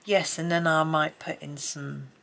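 A middle-aged British woman chatting casually while she colours, soft-spoken and rambling, often dropping to a murmur. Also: deep voice, flat delivery, a little slow, gravelly. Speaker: colouring channel host.

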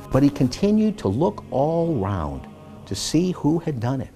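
A man reading scripture aloud, expressive, rising and falling as he voices the quoted speakers. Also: medium pitch, moderate pace, faint music behind. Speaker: scripture reader.

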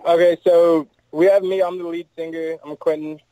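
A man's voice: a little high, flat delivery, moderate pace, dark tone, no echo, rough recording. A man from Texas, a band's lead singer, answering interview questions in an easygoing, plain-spoken way. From Texas, USA. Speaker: band lead singer, guest.

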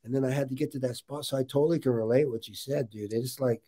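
A middle-aged man hosting a podcast, telling a personal story in a casual, animated way and saying "dude" often. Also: medium pitch, quick pace. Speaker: podcast host. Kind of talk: casual interview chat.

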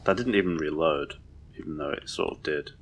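A man's voice: very deep voice, animated, fairly quick, slight background noise. A man giving rambling, confused, sweary commentary as he plays a horror game. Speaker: let's play host. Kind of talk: gameplay commentary.

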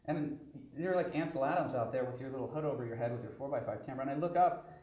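A man's voice: mid-range voice, very fast, a little mellow. A man who is a photographer, telling a story in a laid-back, rambling way on a talk show. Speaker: photographer guest. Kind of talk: casual storytelling chat. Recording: roomy echo.

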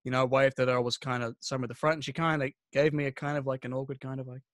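A man's voice: medium pitch, level tone, racing, fairly bright tone, no room sound, studio quality. A man, co-hosting a podcast and rambling through stories in casual chat. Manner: rambling storyteller with fillers. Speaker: podcast co-host.

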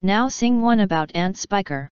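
A woman's voice: mid-range voice, expressive, moderate pace, clear, resonant tone, dry recording, close to an everyday voice. A woman voicing a melancholy, dignified female spider who talks in a mournful, sighing way. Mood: composed. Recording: slightly dull, dry recording.

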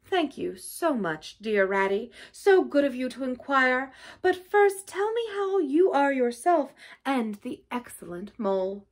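A woman voicing a sly male toad who plays at being gravely ill, speaking faintly and with drooping sighs. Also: high-pitched, big pitch swings, measured pace, few pauses, pitched above the performer's own voice, exaggerated voice. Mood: feeble. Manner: faint, drooping, sighing delivery. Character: feeble self-pitying male toad, sly and languid.

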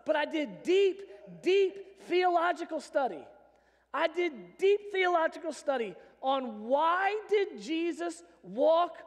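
A man preaches a lively, humorous sermon. His voice sits very high for a man and carries a long church-hall reverb behind it. He talks to the congregation like a friend. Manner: animated, joking, conversational preaching. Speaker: pastor. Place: church sanctuary.

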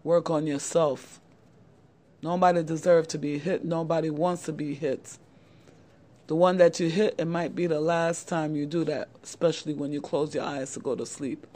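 A middle-aged woman who hosts an advice channel for young men talks directly to camera in an earnest, motivational way, repeating her points and calling them "guys." Her low, warm voice has fairly even intonation and a normal speed.

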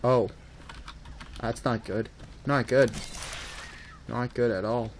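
Slow-talking man narrating his gameplay. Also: mid-range voice, a little hiss or hum. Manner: running commentary that swings from mumbling to excited yelps. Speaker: gaming video host. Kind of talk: casual let's-play commentary.

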